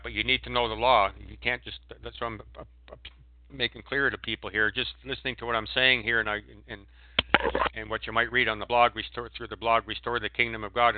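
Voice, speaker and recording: A man's voice: medium pitch, no room sound. Ranting man on a phone line. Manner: emphatic, ranting, with sudden loud outbursts. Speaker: guest speaker on a call-in show. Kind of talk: preachy monologue. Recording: tinny phone line, dry.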